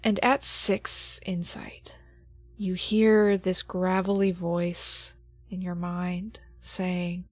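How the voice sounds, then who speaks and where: A woman game master narrating a horror tabletop game slowly and dramatically, often dropping to near whispers for suspense. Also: on the low side, level tone, dry recording, clean studio sound, faint music behind.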